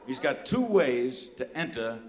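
An older New York City man recounts a comic story for a live audience in a medium-pitched voice at a measured pace, with slight background noise. He stays animated and punchy, peppering it with asides.

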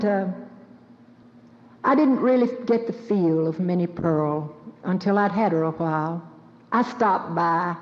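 Old lady chatting to a crowd, self-mocking and folksy, dull lo-fi sound, long hall echo. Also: on the low side. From Southern United States. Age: 70s. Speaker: guest speaker taking questions. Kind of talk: storytelling talk to an audience. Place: auditorium with live audience. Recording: lo-fi recording in a reverberant hall.

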